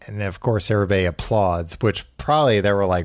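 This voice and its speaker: A man's voice: on the low side, fairly quick, few pauses, clear, resonant tone, no room sound. Man, podcast host, wry recap, dry close sound. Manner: wry, storytelling with acted quotes. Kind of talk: casual chat, recapping a book.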